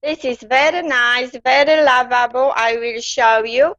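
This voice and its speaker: A woman giving a gentle live-stream psychic reading, calling her listener darling. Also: high voice, steady tone, measured pace, no room sound. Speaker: psychic card reader. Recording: dull lo-fi dry sound.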